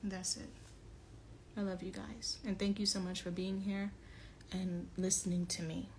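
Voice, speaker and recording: A woman's voice: mid-range voice, level tone, measured pace, a little hiss or hum. A young woman speaking on a phone livestream, earnest and confrontational as she calls someone out and then pleads with them. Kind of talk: emotional livestream monologue.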